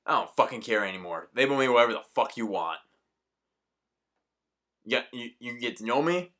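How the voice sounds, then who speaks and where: A man's voice: mid-range voice, pushed and bright. A man delivering an angry, profanity-laced ranting monologue as a vlogger.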